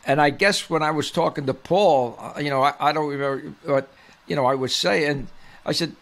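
A man's voice: a little high, brisk, a bit bright. An older man in casual podcast chat, rambling and repeating himself as he recalls things. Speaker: podcast guest expert.

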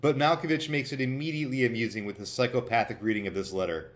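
A man's voice: mid-range voice, fast talker. A man narrating a comedic movie review in a sarcastic, irreverent way, often laughing at his own jokes.

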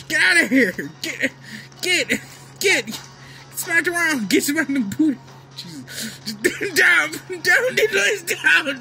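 A man giving excited gameplay commentary, yelling, laughing and pleading with his opponents as he plays. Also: very high-pitched. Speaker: gaming video creator.

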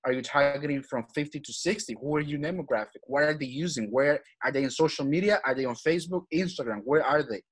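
A man's voice: a little high, fast talker, few pauses, husky. A man from Venezuela, a guest in a casual interview who talks with energy and keeps repeating his main points, often adding "right?" and "man". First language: Spanish. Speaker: guest, real estate acquisitions manager.

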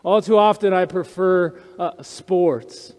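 A man's voice: high voice, slow, darkish tone. A male pastor preaching a conversational sermon, often checking in with the congregation with asides. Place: church sanctuary. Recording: church sanctuary with long reverb.

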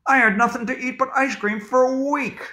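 A man's voice: very high-pitched, fairly even intonation, brisk, bright, forceful tone, pitched above the performer's own voice. A man voicing a rattled ice cream truck driver who talks in a shaken, old-time tough-guy way. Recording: roomy echo.

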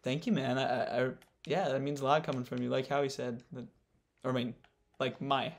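A young man hosting a casual gaming chat, goofy and joking with quick comebacks. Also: medium pitch, steady tone. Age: young adult. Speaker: gaming channel host.

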